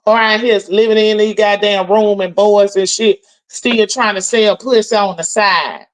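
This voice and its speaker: A woman's voice: mid-range voice, steady tone, measured pace, poor audio. A woman hosting a live stream, ranting in a brash, profane, mocking way as she calls people out. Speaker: livestream host.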